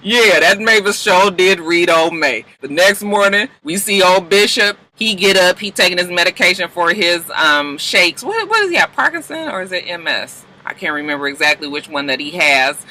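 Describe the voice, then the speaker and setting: Bright, gossipy male reviewer. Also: high voice, normal speed, few pauses, low-quality recording. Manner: animated, gossipy, lots of exclamations. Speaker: TV show reviewer. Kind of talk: casual recap vlog.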